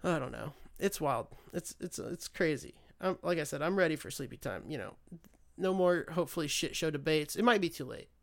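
A man hosting a podcast, ranting in a loose, profane, sarcastic way. He wanders off, loses his thread and restarts sentences. His voice is smooth and resonant and sits a bit high for a man. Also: expressive, a little fast. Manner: loses his train of thought, restarts often. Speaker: podcast host. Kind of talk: casual solo political rant.

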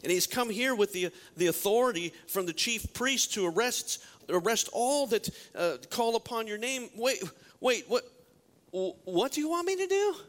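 A man's voice: sits high, normal speed, hardly any pauses, fairly bright tone, in a large hall, voice pushed up. A man voicing a worried male disciple who stammers and pleads as he questions God. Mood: anxious, pleading. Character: anxious male disciple doubting an order from God.

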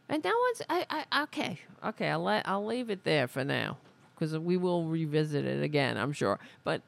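A woman hosting a talk podcast in a low, gravelly voice. She rants slowly and sarcastically. The sound is close and dry. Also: sing-song, no echo. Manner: sarcastic, heated ranting. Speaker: podcast host. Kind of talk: casual political commentary.

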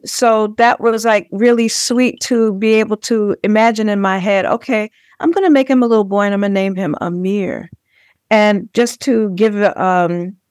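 A woman's voice: medium pitch, a little mellow, no echo, studio quality. A woman from Brooklyn, an author, answering interview questions in a thoughtful, reminiscing way. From Brooklyn, New York.

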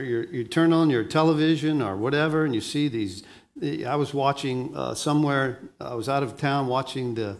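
During his sermon, this pastor moves between hushed, deep phrases and booming, animated ones, and he keeps restarting what he says.

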